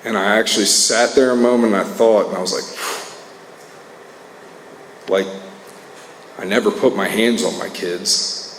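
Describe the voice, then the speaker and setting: A man's voice: fairly low pitch, fairly even intonation, unhurried, long pauses. A man speaking at a recovery meeting, sharing a candid, earnest personal testimony full of casual fillers. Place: meeting hall. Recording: echoey hall with faint noise.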